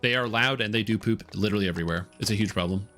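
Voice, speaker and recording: A Canadian man with a general North American accent, chatting casually on a game stream and enunciating each word clearly. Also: lowish voice, racing, pushed and bright, soft background music. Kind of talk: casual live-stream chat.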